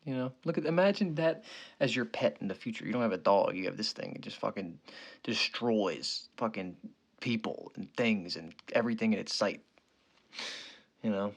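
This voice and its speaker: A young man with a fairly low, animated voice hosts a sports betting show at normal speed. He rambles and swears casually while giving picks and joking around, tacking "okay" and "you know" onto his lines.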